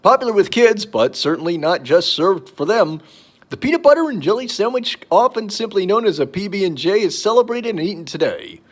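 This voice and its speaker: Man, podcast host, reading aloud, animated pitch, slightly raised voice. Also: brisk. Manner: reads aloud, then wanders into playful asides. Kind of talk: reading and riffing on daily holidays.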